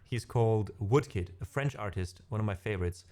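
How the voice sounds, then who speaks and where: With a mellow, lowish voice and a slightly fast pace, a middle-aged man with a German accent chats casually with viewers on his stream. He's a musician, rambling through a live chat session full of fillers.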